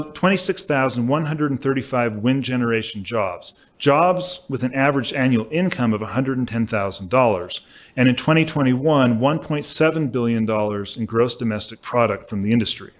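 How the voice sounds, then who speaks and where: Man delivering a measured lecture. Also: medium pitch. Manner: measured, emphatic delivery with occasional self-corrections. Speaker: law professor giving a lecture. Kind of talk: prepared lecture speech. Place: lecture hall at a symposium.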